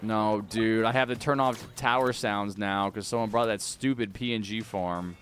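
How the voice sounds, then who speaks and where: A man's voice: on the low side, fairly even intonation, moderate pace, fairly bright tone. Young male streamer arguing with chat. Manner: casual, rambling, argues back at chat with many restarts. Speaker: game streamer. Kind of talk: live-stream chat while gaming.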